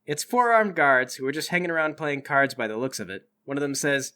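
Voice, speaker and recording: A man narrating a tabletop game as game master, playful and animated. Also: mid-range voice, fairly quick, hardly any pauses, clear, resonant tone.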